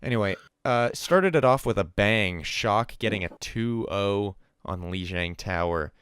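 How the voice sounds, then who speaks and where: On a call-recorded esports podcast with a remote co-host, a young male host speaks in a fairly low, clear, resonant voice with a fairly bright tone. He's animated and unhurried, laughing a lot and imitating people in playful voices, all in clean studio sound with no echo.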